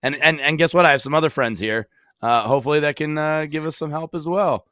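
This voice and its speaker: Playful man with a smooth dry voice. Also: a little high, steady tone, fast talker, fairly bright tone, no room sound. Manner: goofy, playful, hypes things up. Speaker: sports show co-host. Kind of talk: casual sports chat.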